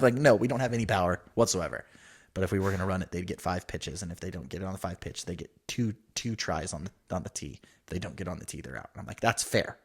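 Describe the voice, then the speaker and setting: A man's voice: deep voice, fast talker. A man in his thirties co-hosting a podcast, telling a story in casual chat and quoting the people in it. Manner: animated storyteller, quotes others in voices. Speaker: podcast co-host.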